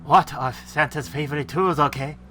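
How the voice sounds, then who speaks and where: A man's voice: normal speed, sharp tone, soft background music. A man doing an impression of Pepe the King Prawn, a male Muppet prawn telling corny jokes with a repeated "okay?". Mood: joking. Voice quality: high, squeaky comic shtick with a repeated "okay?".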